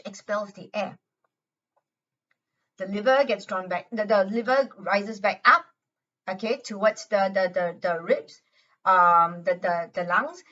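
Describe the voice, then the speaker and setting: A woman explaining a calming exercise in an earnest manner, often repeating words and restarting her sentences. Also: mid-range voice, far from the mic, dull audio. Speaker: health educator. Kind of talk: instructional talk guiding a self-help exercise.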